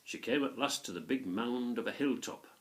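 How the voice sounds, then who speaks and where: A narrator with a medium-pitched voice reads a children's story aloud at a moderate pace, in an expressive storytelling manner.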